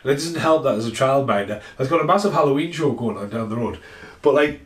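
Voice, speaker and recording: A man's voice: medium pitch, lively intonation, fast talker. A man, talking casually to camera in a rambling, sweary way at home. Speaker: vlogger. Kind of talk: casual ranting vlog. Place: at home indoors. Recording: roomy echo.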